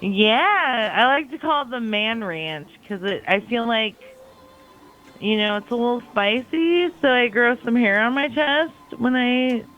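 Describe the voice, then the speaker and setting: A male caller with a high-pitched voice who speaks slowly. He keeps teasing the host in a giggly way. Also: lively intonation, muffled recording, faint music behind.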